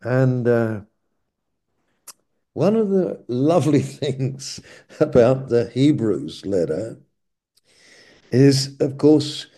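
A man preaching a sermon, speaking slowly and emphatically and repeating key phrases for weight. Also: mid-range voice, lively intonation, mellow.

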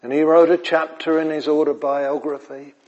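On a lo-fi recording, a man with a slightly high voice preaches an evening sermon at a moderate pace. He's animated, alternating emphatic repetition with near-whispers, and he chuckles while asking the audience whether he's making sense.

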